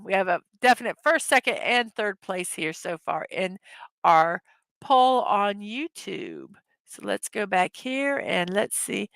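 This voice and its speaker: A woman's voice: mid-range voice, creaky, a bit bright, no echo. A woman hosting a casual morning livestream, chatting loosely, laughing easily at her own jokes and correcting herself mid-sentence. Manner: rambling, self-correcting. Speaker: livestream host.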